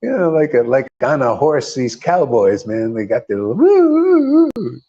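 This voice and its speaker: On a dull lo-fi recording, a middle-aged man preaches an informal sermon on scripture, his medium-pitched voice mellow, with lively intonation and normal speed. As a spiritual teacher he's emphatic, asks rhetorical questions, repeats key words and keeps addressing people as "man."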